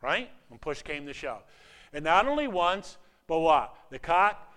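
Older man, preacher, sermon, bright forceful tone, talks to the audience. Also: on the high side, measured pace. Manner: animated, rises to emphatic peaks then drops to hushed asides; conversational, asks the audience questions.

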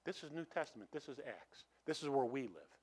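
A man preaching a sermon, telling stories with animated swings from hushed to loud and frequent restarts. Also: medium pitch, brisk, breathy edge. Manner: repeats and restarts phrases. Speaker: pastor.

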